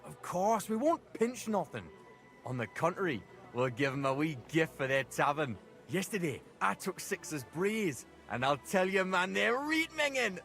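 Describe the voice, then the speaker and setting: An actor voicing a cheeky young village prankster with a Northern English accent, talking in brash, animated dialect. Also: male voice, sits high, measured pace, soft background music, exaggerated voice. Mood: mischievous.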